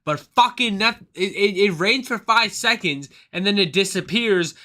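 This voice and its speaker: A male streamer ranting casually on a livestream, profane and excitable, rambling from one thought to the next. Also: high voice, moderate pace, hardly any pauses.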